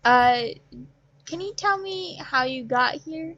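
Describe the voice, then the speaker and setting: A woman's voice: high voice, lively intonation, slow, a bit bright, highs cut off, a little hiss or hum. A woman running a tabletop game as game master, talking casually with fillers and laughter.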